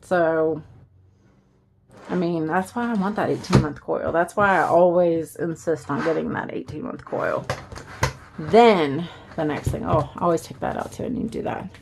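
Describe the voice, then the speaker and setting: Speaking at a normal pace in a low, gravelly voice, a Southern US-accented planner vlogger chats her way through her planner setup. She rambles with plenty of fillers and asides, and background noise can be heard.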